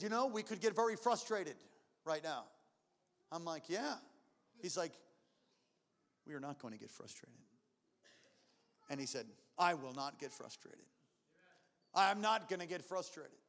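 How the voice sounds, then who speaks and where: High-pitched male preacher in a reverberant hall. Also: smooth. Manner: emphatic, repetitive preaching with call-and-response. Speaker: pastor. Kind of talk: sermon.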